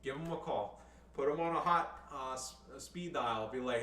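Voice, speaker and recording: Going over replays of his own strategy matches, a man jokes crudely and curses frequently, his mid-range voice sharp in tone and moderately paced. The mic is distant, the room echoey, and there's faint background noise.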